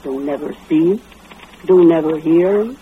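A woman's voice: deep voice, normal speed, a little hiss or hum, lightly acted. An actress playing a spiteful, resentful rural woman who speaks in a drawling dialect, in 1940s radio style. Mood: brooding. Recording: tinny old radio broadcast.

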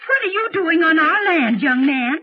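A woman's voice: very high voice, big pitch swings, normal speed. An actress playing a prim, formal young lady from the 1890s in an old radio drama. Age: young adult. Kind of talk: 1940s radio acting. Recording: dull old radio broadcast.

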